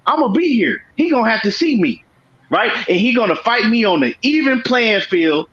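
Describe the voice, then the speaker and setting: A man with a high, husky voice talks boxing in an emphatic, casual way, often checking in with "right?". The sound is dull and lo-fi. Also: sing-song, normal speed, a bit bright. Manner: emphatic, keeps asking "right?". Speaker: boxing show host.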